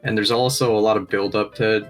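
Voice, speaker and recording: Laid-back young male co-reviewer, slightly low voice, faint music in the background. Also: fairly even intonation, brisk. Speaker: guest co-reviewer. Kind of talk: casual anime review chat. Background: faint game music.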